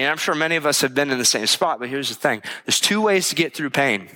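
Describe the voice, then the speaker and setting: A man preaching a sermon in an earnest, conversational way, voicing heartfelt prayers and dropping to a hushed tone for them. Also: medium pitch, lively intonation, fast, hardly any pauses. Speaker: pastor.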